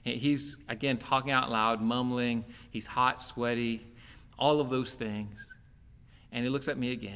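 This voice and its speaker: A man's voice: medium pitch, moderate pace, pushed and bright. A man preaching a sermon as a pastor, speaking earnestly in a conversational, personal way from a church worship center. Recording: long church-hall reverb.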